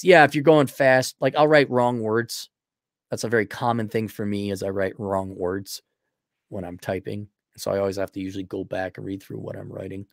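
Young guy streamer reading donos, blunt and crude, dry close sound. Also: no echo. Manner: blunt, crude, swings between loud outbursts and low mumbling. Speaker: livestream host reading donations. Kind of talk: casual opinionated monologue.

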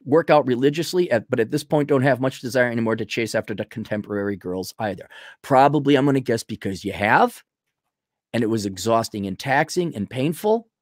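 A middle-aged man giving rambling, folksy advice to a listener in a casual monologue, with sudden loud swings as he tells stories. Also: mid-range voice, dry recording, clean studio sound. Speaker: advice host answering a listener.

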